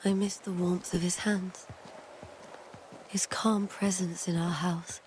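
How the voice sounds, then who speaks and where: An actress voicing a pious widow grieving her husband, speaking softly and tenderly. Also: fairly low pitch, little pitch movement, slow, a little hiss or hum. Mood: wistful. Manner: soft, tender, sorrowful.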